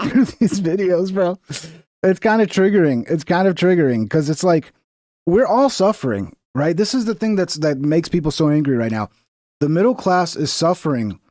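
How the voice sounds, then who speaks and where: A man's voice: a little high, a little mellow, no room sound, studio quality. A man in his thirties from Texas, giving casual, profane, sarcastic commentary on clips.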